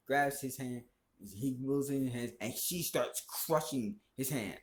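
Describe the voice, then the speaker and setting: A man's voice: mid-range voice, unhurried. A man ranting casually about movies, heated and profane, rambling from point to point. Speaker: vlogger. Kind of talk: casual opinion rant. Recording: echoey room.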